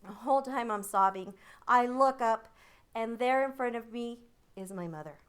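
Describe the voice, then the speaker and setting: A woman telling a childhood story in a vivid, dramatic way, making thunder sounds with her voice and dropping to a hushed tone in the tense parts. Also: a little high, normal speed, clean tone. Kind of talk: personal storytelling.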